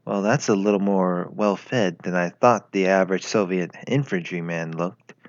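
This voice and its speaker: A man's voice: low voice, moderate pace, dry recording, voice pushed down. A man voicing a young male German tank commander, sarcastic, flustered and grumbling. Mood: uneasy. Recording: lo-fi with faint music.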